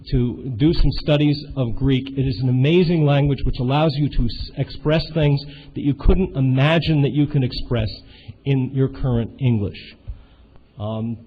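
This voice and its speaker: A man speaking informally to a seminar group, halting often, restarting his sentences and filling gaps with fillers. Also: medium pitch. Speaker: seminar participant. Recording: muffled with faint hiss.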